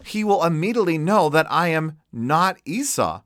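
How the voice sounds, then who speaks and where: A man's voice: a little high, sing-song, moderate pace, a bit bright, dry recording, studio quality. A man doing a nervous, stammering young son. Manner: hesitant, stammering.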